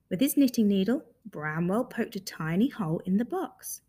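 A woman with a medium-pitched, slightly breathy voice reads a children's story aloud at normal speed, lively and expressive.

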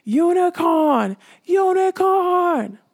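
Brief: storybook skull, treacherous, shrieking high and loud, read by a woman. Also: expressive, extremely slow, heavily acted. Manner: shrieking, frantic alarm calls.

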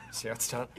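An actor playing a self-important, overeager office boss in a sitcom. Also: male voice, very high voice, pushed and bright, exaggerated voice. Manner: pompous, overeager. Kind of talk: sitcom acting.

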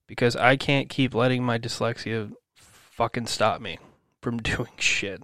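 A man's voice: medium pitch, steady tone, normal speed, hardly any pauses, fairly bright tone, dry recording, studio quality. A man hosting his own podcast, venting in a rambling, self-encouraging monologue full of swearing. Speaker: podcast host.

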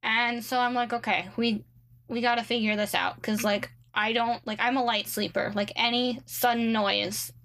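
A woman's voice: a little high, steady tone, moderate pace, a bit bright, a little hiss or hum. A young woman casually telling a story about a roommate, full of "like" and "um", with sarcastic asides. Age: young adult. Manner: chatty, many likes and ums, sarcastic asides.

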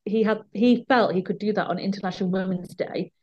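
A woman talks candidly as a podcast guest, her mid-pitched voice coming through slightly dull and lo-fi. She tells stories emphatically and acts out the back-and-forth of confrontations at work. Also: fairly even intonation, brisk, darkish tone, slightly rough. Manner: emphatic, recounting confrontations with quoted dialogue. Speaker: guest, business owner. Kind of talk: candid storytelling in conversation. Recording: dull lo-fi sound.

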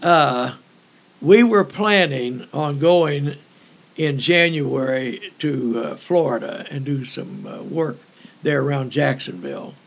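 Older evangelist, man; unhurried, joking storyteller with a rough, gravelly edge. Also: on the high side. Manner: folksy, joking, halting with fillers. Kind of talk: storytelling in an interview.

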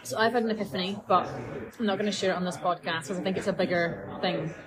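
A woman's voice: fairly low pitch, quick pace. A woman with a Scottish accent, co-hosting a podcast in casual chat, often laughing. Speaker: podcast co-host, dog behaviourist. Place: busy coffee shop. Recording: noisy café crowd. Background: café crowd chatter.

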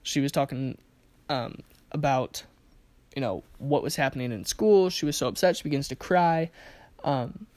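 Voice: mid-range voice, moderate pace, a little mellow, dry recording. A communication teacher giving a casual spoken lesson, telling anecdotes with acted-out quotes and asking rhetorical questions.

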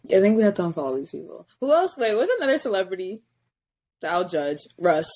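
Lively, animated young woman. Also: medium pitch. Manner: animated, teasing, quick to mimic others. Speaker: podcast co-host. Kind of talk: casual chat.

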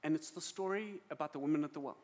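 A man with a South African accent preaching a sermon in a lively, emotional storytelling manner. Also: on the high side, quick pace. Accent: South African English. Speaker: pastor.

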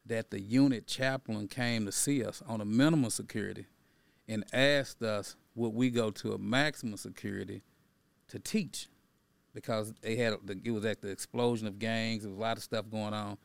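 A man's voice: on the low side, steady tone, normal speed, creaky, dry recording. A middle-aged man, a guest and activist, telling a personal story in a conversational way, often tagging his sentences with "right?" and building to an emphatic, preaching tone. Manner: conversational, tags lines with "right?" and "you know". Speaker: podcast guest, activist and educator.

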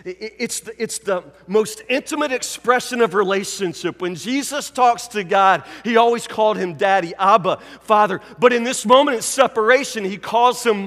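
A pastor giving a sermon, preaching emphatically and repeating key phrases, dropping from loud to hushed. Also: male voice, sits high, moderate pace, hardly any pauses, in a large hall.

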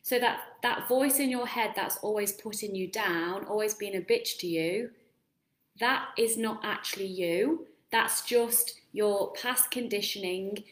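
A woman's voice: mid-range voice, roomy sound. A woman giving a live-streamed motivational talk as a self-help coach, speaking directly to viewers with frequent questions and casual swearing.

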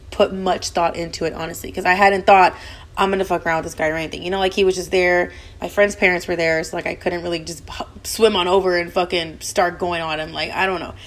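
A young woman hosting a podcast, telling a personal story in casual, fast, animated chatter full of swearing. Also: lowish voice. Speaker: podcast host.

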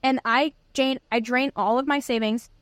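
A young woman co-hosting a podcast, telling a story in an excited, rambling way in casual chat. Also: sits high, moderate pace, no room sound. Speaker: podcast co-host.

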